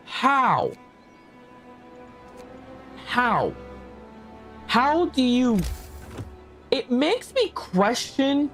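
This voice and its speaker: A man's voice: high voice, fairly bright tone. A man streaming a game, talking casually and animatedly, swearing a lot and laughing often. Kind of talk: casual gameplay commentary.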